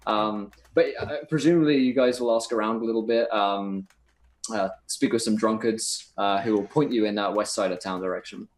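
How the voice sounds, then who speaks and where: A man's voice: fairly low pitch, normal speed. A man with an English accent narrating as game master, full of ums and asides. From England. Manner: rambling, filler-heavy, laughs easily.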